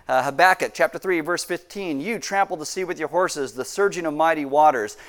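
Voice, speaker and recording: A man preaching a sermon as pastor, animated and acting out quoted voices with big leaps in pitch.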